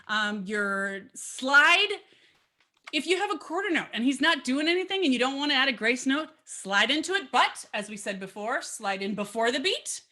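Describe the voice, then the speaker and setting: A woman's voice: fairly high pitch, sharp tone. A woman teaching a violin lesson in a chatty, upbeat way, with fillers and asides between demonstrations. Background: violin playing between phrases.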